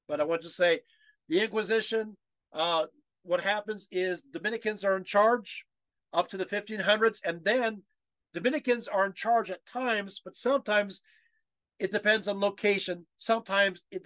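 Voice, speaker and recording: Over a video call, a man delivers a history lecture, reading quotes aloud and growing choked up with emotion while scattering fillers and rhetorical questions throughout. His voice is high and fairly bright, at a normal pace, with no room sound.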